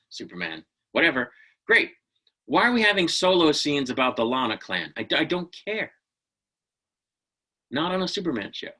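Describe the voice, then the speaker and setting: A man's voice: medium pitch, bright, forceful tone, poor audio. A man giving a casual, opinionated spoken review of a TV episode, ranting and often restarting his sentences.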